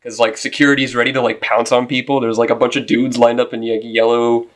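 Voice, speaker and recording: A young man co-hosting a casual podcast, describing things excitedly with many fillers. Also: mid-range voice, fast. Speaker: podcast co-host. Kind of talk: casual chat.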